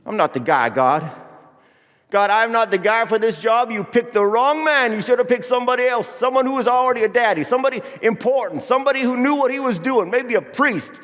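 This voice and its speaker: A man's voice: very high-pitched, animated, fairly quick, a bit bright. An actor playing Joseph as a folksy, anxious young father, drawling with country grammar, in a church Christmas monologue. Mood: fretful. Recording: echoey church hall.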